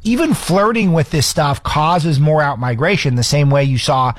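Man, commentary host, sarcastic, emphatic, quick with restarts, dry close sound. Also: a little high, no echo. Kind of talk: opinionated political commentary.

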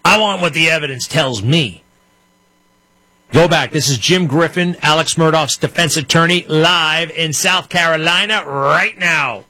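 A man's voice: on the high side, measured pace, pushed and bright, dry recording. A man giving casual, skeptical commentary as he plays and talks back at clips. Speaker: commentator host.

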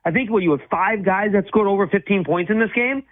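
A man co-hosting casual sports talk, talking fast and emphatically, with many restarts. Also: sits high. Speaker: sports radio co-host. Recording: tinny phone-like line.

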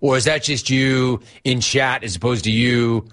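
A man hosting a sports talk show, teasing and animated, reading out chat and laughing often. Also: medium pitch, measured pace.

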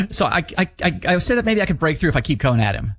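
A man's voice: high voice, very animated, normal speed, a bit bright, breathy edge, dry recording. Wry male co-host, dry sound. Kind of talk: casual chat.

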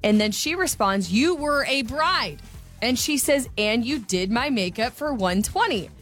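A woman co-hosting a radio show, reading out survey numbers and retelling a text exchange briskly. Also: fairly high pitch, expressive, a bit bright, soft background music. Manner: brisk storyteller, quotes texts aloud. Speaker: radio co-host.

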